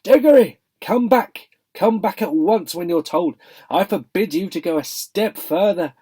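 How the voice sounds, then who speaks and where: Guy putting on a screechy scared old uncle yelling from a distance, mellow tone underneath. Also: measured pace, husky. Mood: frantic. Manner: high strained shouting. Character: shrill panicky old uncle, a coward.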